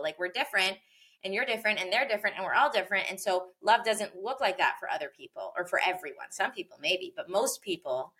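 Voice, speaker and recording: Speaking at a medium pitch, a little quickly and with a sharp tone, a woman reflects earnestly on parenting during an informal podcast conversation, full of fillers and phrases she repeats.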